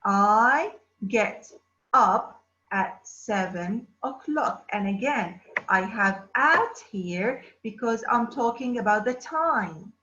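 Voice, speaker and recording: A woman teaching an English lesson to children, drawing out words slowly and asking the class questions. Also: fairly high pitch, expressive, sharp tone. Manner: slow, drawn-out words, addressing children. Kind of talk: distance-learning phonics lesson. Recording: roomy, dull lo-fi sound.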